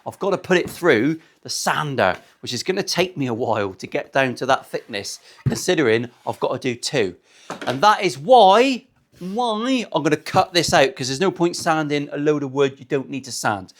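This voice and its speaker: A fairly high-voiced man talks as he works in his workshop, cracking jokes and swearing freely. His banter is cheeky and rambling, full of side remarks to the viewer. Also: expressive, normal speed. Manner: cheeky, joking, rambling asides. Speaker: luthier, guitar-building vlogger. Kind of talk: casual sweary banter while working. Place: guitar workshop.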